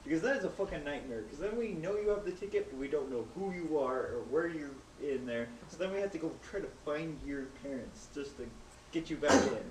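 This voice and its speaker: A man's voice: a little high, animated, a little fast, distant mic. A young man in a casual chat, ranting emphatically about customers and rules. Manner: emphatic, complaining. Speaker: co-host, movie theater worker. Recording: echoey room, voice a bit off-mic, faint noise.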